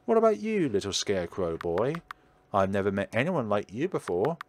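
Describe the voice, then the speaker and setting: A man's voice: fairly low pitch, sing-song, moderate pace, a little hiss or hum. Man voicing a lonely motherly witch. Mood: wistful. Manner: gentle, polite, wistful. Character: lonely motherly woman witch living in woods. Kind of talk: reading game dialogue aloud.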